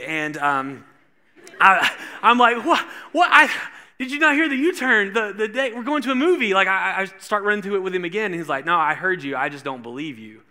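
A man preaching a sermon, telling a funny personal story and acting out the voices in it with lively energy. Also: on the high side. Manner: animated storyteller acting out quotes. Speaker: pastor.

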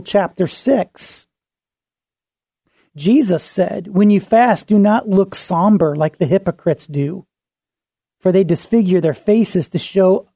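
A man, a pastor and podcast host, teaching earnestly on fasting and reading scripture aloud with emphatic repetition. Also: high-pitched, warm tone, no echo, clean studio sound.

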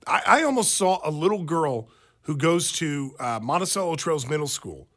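A man's voice: fairly high pitch, expressive, normal speed, a bit bright. A man co-hosting a radio talk show, telling stories animatedly with plenty of fillers and restarts. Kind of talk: casual talk radio banter.

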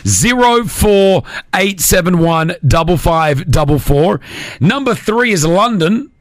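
A man with an Australian accent hosting a radio show, energetic and emphatic on a studio mic. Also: high-pitched, takes it slowly, no echo. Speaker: radio host. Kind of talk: morning radio banter.

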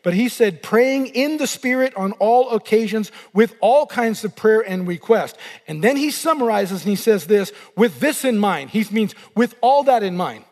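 A middle-aged male pastor preaching a sermon, animated and acting out inner voices as he goes. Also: high-pitched, normal speed, few pauses, in a large hall.

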